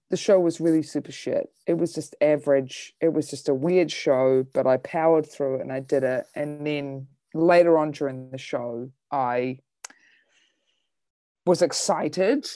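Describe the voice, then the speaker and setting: A woman's voice: low voice, unhurried, warm tone, dry recording, clean studio sound. A woman comedian chatting casually, telling a rambling story about a show she hosted. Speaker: comedian and bingo host. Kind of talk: casual chat.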